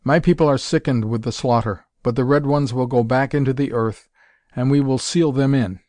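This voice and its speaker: A man voicing a young alien princess in an audiobook, gentle and soft-spoken with a raised pitch. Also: steady tone, normal speed, dry recording, close to an everyday voice. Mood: calm.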